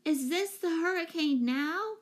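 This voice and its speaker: A woman's voice: low voice, moderate pace, pitched below the performer's own voice, close to an everyday voice. A woman reading aloud, voicing an eager young girl who calls out her questions. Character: excitable young girl in a storm.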